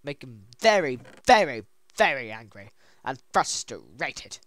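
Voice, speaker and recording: Giggly let's play commentator, voice wearing hoarse, swings in pitch, dry close sound. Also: slow, no room sound. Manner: excitable, giggly, reads signs aloud. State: voice going hoarse. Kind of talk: casual gameplay commentary.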